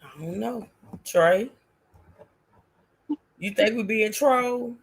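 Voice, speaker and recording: A woman co-hosting a livestream in a chatty, animated way, talking with callers and viewers. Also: fairly high pitch, slow, slightly rough. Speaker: livestream co-host. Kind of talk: casual commentary chat.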